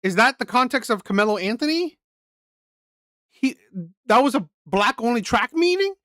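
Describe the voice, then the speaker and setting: A man's voice: very high voice, sing-song, normal speed, pushed and bright, no echo, clean studio sound. A man hosting a reaction channel, talking casually in a rambling way, repeating words and asking "right?" often.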